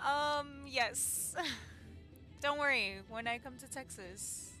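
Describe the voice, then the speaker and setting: A woman's voice: high voice, sharp tone. A young woman streamer chatting casually with viewers, giggly, flustered and emotional. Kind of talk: casual live-stream chat.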